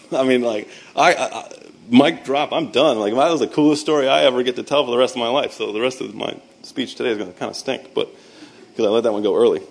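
Man, 30s, veteran speaker, faith talk, animated storytelling, self-mocking, sound effects. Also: medium pitch, quick pace, gravelly, slightly rough. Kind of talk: storytelling speech with scripture.

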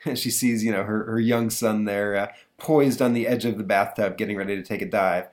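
A man's voice: on the low side, fairly quick, hardly any pauses. A man hosting a podcast, chatting casually through an old comic book with lots of fillers. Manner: rambling, lots of fillers and restarts. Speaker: podcast host.

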